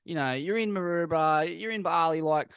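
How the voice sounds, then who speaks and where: Laid-back Australian podcast host. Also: male voice, fairly high pitch, normal speed, a bit bright, smooth, dry recording, studio quality. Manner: laid-back, reflective, swears casually. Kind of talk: casual interview chat.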